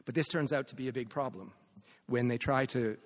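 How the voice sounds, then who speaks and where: A novelist from Canada speaks a little fast in a medium pitch during a reading at a literary festival. The venue sounds large, and his talk is peppered with fillers and false starts.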